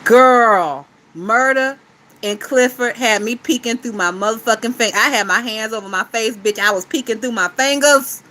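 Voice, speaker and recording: Female gossip host, blunt and profane, crisp bright voice, casual recap chat. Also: fairly high pitch, normal speed, rough recording. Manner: profane, blunt and animated, laughs often.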